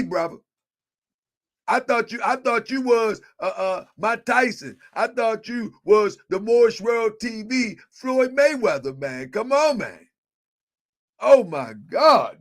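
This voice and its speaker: A man hosting a live online show, chatting casually, with a repetitive, excitable, joking manner. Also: extremely high pitch, a little slow. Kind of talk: casual livestream chat.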